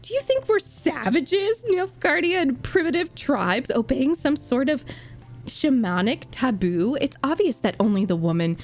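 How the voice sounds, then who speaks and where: A woman voicing an excitable young male bard, talking high and giddy. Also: unhurried, full character voice. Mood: indignant.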